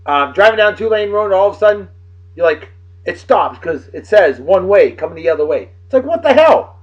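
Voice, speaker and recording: A high-pitched, brisk Massachusetts voice belongs to a Martha's Vineyard man hosting a daily beer video. He works through this-day-in-history facts with swearing, smart-aleck asides, recorded in dull lo-fi sound.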